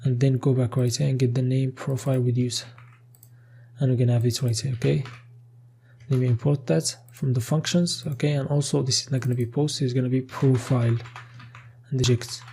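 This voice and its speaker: A programming tutor narrates a screen-recorded coding tutorial as he types, thinking aloud with frequent "okay"s and casual restarts. His medium-pitched voice is warm with vocal fry, fairly quick, and fairly flat in pitch. Keyboard typing and slight background noise sit behind him.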